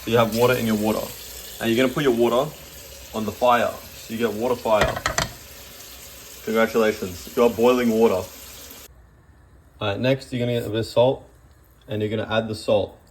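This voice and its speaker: A man's voice: fairly low pitch, little pitch movement, fairly quick, long pauses, a little hiss or hum. A man giving a rambling, joking cooking demonstration in a home kitchen. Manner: joking, rambling, self-deprecating. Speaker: cooking vlogger.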